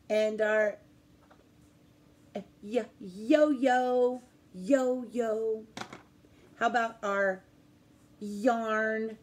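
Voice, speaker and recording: A woman's voice: on the high side, a little hiss or hum. A woman preschool teacher giving a remote lesson to young children, talking in a sing-song way and asking them questions.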